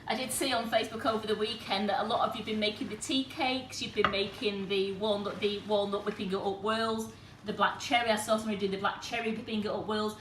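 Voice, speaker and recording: A woman's voice: mid-range voice, flat delivery, quick pace, few pauses. A woman hosting a live cooking demonstration in a kitchen, chatting to viewers as she explains each step. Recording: echoey kitchen with faint noise.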